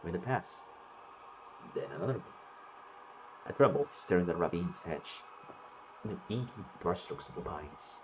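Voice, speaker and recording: A man's voice: sits low, expressive, moderate pace, pauses often, noisy background. A man streaming a game, reading its story text aloud and talking back to the characters with swearing and jokes. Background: game music.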